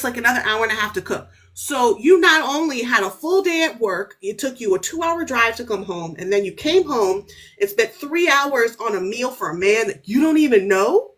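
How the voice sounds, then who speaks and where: A woman author telling stories as a podcast guest in casual, animated chat, cursing freely. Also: fairly high pitch. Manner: animated, storytelling, swears freely.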